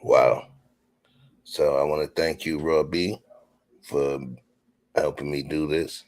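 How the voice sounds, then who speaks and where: A man's voice: rumbling low, level tone, slow pace, a little mellow. A man hosting a casual chat, thanking his guest appreciatively. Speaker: host.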